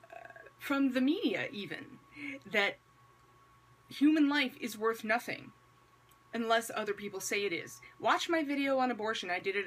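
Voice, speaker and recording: A female vlogger with a husky, slightly breathy voice offers casual commentary to her viewers, wry and conversational. She piles up rhetorical questions and dry, sarcastic asides around a religious point. Her pitch is fairly high and her tone fairly bright.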